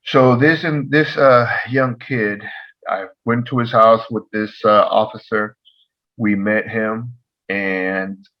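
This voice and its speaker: Male podcast co-host, husky low voice, lively storyteller, dull recording. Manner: animated, acts out dialogue in the story. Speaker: podcast co-host, former probation officer. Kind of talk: casual storytelling.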